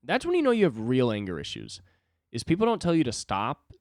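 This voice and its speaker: A man's voice: mid-range voice, wildly swooping pitch, fairly quick, darkish tone, no room sound, clean studio sound. A man in his twenties talking alone on his own podcast, rambling, swearing and mocking himself. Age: 20s. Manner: rambling, profane, self-deprecating. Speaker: podcast host. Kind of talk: solo podcast monologue.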